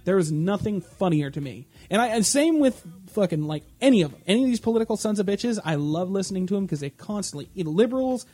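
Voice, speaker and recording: A man's voice: high voice, lively intonation, fast, few pauses, dark tone, slightly rough, dry recording. A man hosting a casual podcast, ranting and mocking with constant swearing and rambling asides. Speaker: podcast host. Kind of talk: casual profane rant.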